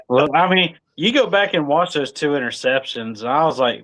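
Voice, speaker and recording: A man's voice: on the high side, lively intonation, moderate pace, few pauses, fairly bright tone. A man co-hosting a casual sports talk show, telling football stories in a laid-back way. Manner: laid-back storytelling with frequent "dude".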